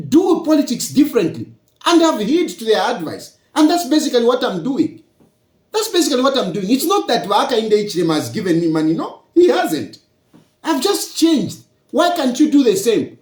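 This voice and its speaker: A man's voice: very high voice, darkish tone, echoey room. A man with a Zambian accent, a politician giving a public address and lecturing his rivals with rhetorical questions.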